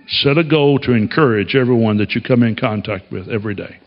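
A man's voice: medium pitch, brisk, hardly any pauses, dull audio. A man preaching a sermon as a pastor, telling stories in a folksy way and chuckling often.

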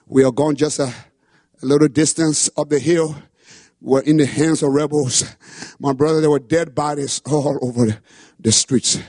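Male pastor, husky tenor, fervent sermon delivery, dry close sound. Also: medium pitch, no echo. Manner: impassioned preaching, rising to shouts. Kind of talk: sermon testimony.

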